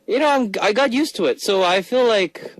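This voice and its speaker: A man from Australia co-hosting a radio show, chatting casually and reading listener messages in an animated way. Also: sits high, no room sound, poor audio. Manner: animated, reads listener messages with quick laughs. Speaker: radio DJ co-host.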